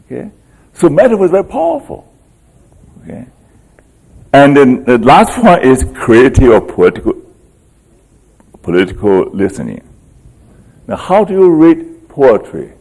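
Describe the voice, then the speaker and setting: A man's voice: medium pitch, big pitch swings, a little slow, gravelly, pauses often, a little mellow, low-quality recording. A man presenting a conference workshop lecture. He asks rhetorical questions, repeats key phrases for emphasis, and keeps checking in with the audience with short prompts.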